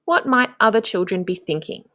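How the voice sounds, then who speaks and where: Leading young children through a lesson, a woman who teaches primary school speaks slowly and encouragingly, giving the class clear prompts. Her mid-range voice is expressive and a bit bright. The studio-quality audio has no echo.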